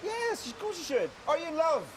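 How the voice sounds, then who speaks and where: Cheeky high-voiced Northern Irish man. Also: very animated, fairly quick, slight background noise, rough recording. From Northern Ireland. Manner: cheeky, teasing, joking. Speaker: public art participant addressing a crowd. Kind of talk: live banter with a crowd. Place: outdoors in a large public square.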